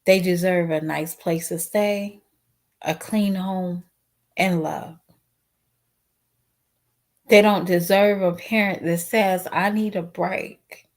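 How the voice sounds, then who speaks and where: A woman's voice: lowish voice, fairly even intonation, slow pace, pauses often, a little mellow. A woman vlogger talking straight to her viewers in a casual, outspoken, emotional way, sometimes tearful with a cracking voice. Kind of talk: casual commentary vlog.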